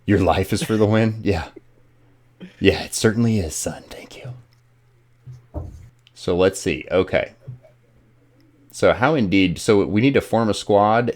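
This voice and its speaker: A man hosting a casual gaming live stream, joking and rambling with lots of fillers. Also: deep voice.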